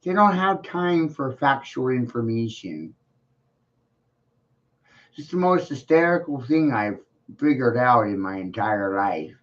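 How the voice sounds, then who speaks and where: A man's voice: mid-range voice, lively intonation, slow, pauses often. A man ranting to the camera, swearing and laughing mockingly at the people he addresses. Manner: mocking, swearing, laughs at his own points. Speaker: video blogger. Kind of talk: profane rant to the camera. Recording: dull lo-fi sound.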